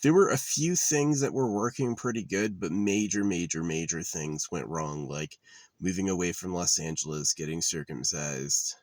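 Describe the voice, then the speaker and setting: Low-voiced man in a bitter, halting monologue. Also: dry recording. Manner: halting, many restarts, bitter and blunt. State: tearful. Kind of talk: rambling personal monologue.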